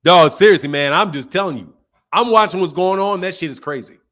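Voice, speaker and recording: A fairly high-pitched young man hosts a boxing stream in a heated rant. He repeats his points over and over, swears freely, and jumps between loud, shouted bursts and low, muttered asides. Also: fairly quick. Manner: emphatic, repetitive, profane, swings between loud and quiet. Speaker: boxing channel host.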